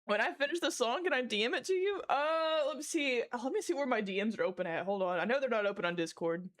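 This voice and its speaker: A woman's voice: fairly high pitch, animated, fast. A woman livestreaming from a small room at home, chatting casually with viewers, giggling breathlessly and swearing freely between lines.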